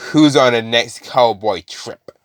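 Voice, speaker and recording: A man's voice: mid-range voice, measured pace, a little hiss or hum, close to an everyday voice. A man voicing a gleeful, murderous male alien symbiote in a hammy put-on cowboy drawl. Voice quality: hammy twang, shouting insults.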